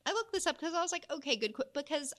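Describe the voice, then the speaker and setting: A woman co-hosting a casual chat about weather myths, telling stories in an animated, giggly way. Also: sits high, racing.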